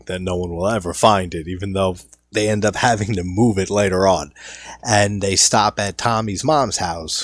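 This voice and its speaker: Low-voiced guy gushing about a movie, dry close sound, laughs along as he retells scenes. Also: no room sound. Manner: enthusiastic, recounting scenes with frequent laughs. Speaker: film review host. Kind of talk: casual film commentary.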